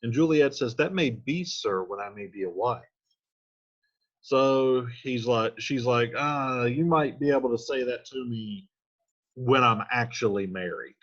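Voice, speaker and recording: A man's voice: mid-range voice, a little slow, fairly bright tone, lo-fi sound. A man reading lines from a play aloud and then restating each one in casual, slangy modern speech as a teacher. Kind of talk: casual line-by-line play explanation.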